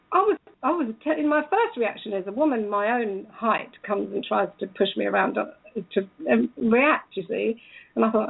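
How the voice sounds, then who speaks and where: A woman's voice: mid-range voice, gravelly, husky, phone-quality sound. A woman telling a story in a casual way, acting out the lines of the people in it. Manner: animated, acts out quoted dialogue. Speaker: speaker recounting a police encounter.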